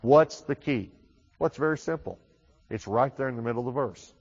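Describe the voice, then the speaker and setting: A male pastor delivers a sermon in a conversational way, stumbling and repeating words as he builds his points. He pushes key phrases out loud and slow, then drops to quick, hushed asides. The recording is muffled, with a long reverb from a large hall. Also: mid-range voice.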